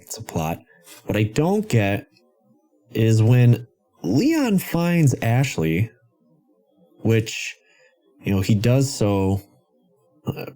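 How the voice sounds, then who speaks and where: A man hosting a podcast about video games, ranting in an animated, sarcastic way. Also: on the low side. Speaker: podcast host. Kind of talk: casual game-commentary podcast.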